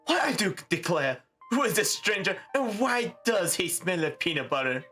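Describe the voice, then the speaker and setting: Guy doing a fussy lady dog voice, all prim and grand, exclaiming, lively. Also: sits high, moderate pace, faint music behind, pitched above the performer's own voice, exaggerated voice. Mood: indignant.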